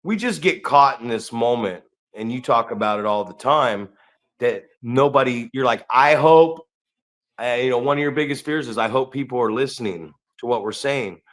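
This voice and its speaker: A man's voice: mid-range voice, moderate pace, a bit bright. A man co-hosting a podcast in casual chat, blunt and profane, often acting out the people he quotes. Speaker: podcast co-host and wrestling trainer.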